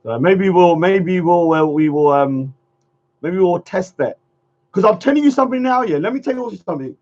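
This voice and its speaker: Hosting a laid-back livestream chat, a man rambles, laughs a lot, and drifts off mid-sentence. His voice sits high and is a little mellow, with lively intonation at a moderate pace. The audio comes through dull and lo-fi.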